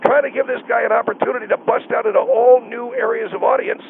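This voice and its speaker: A sarcastic man phoning in, needling the host with comic banter. His high, gravelly voice swings widely in pitch and comes through a tinny phone line. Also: sing-song, fast, slight background noise. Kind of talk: comedic talk radio banter.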